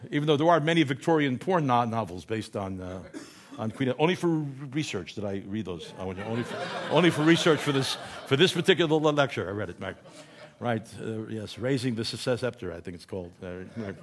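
A man's voice: mid-range voice, expressive, a little fast, crowd noise. Man giving a chatty, humorous lecture. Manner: conversational, often asks "right?", self-corrects mid-word.

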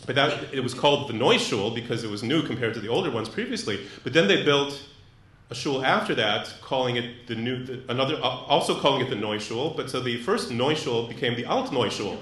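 Man, mid-pitched, lecturing live, halting and thoughtful, roomy echo. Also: animated, a bit bright. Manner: thoughtful, many fillers and restarts. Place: lecture room. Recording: echoey room.

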